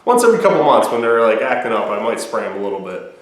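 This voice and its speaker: Rambling young dad in echoey room. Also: male voice, mid-range voice, very animated, quick pace, heavy background noise. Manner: rambling, laughing, swears freely. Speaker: host, new father. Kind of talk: casual family phone chat.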